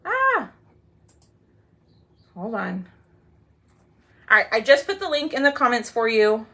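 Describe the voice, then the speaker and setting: A woman's voice: a little high, sing-song, sharp tone. A woman chatting casually with viewers while she demonstrates a craft during a live sale, with lots of "um"s and "y'all"s. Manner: chatty, drawn-out "y'all", many "um"s. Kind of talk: casual livestream chat.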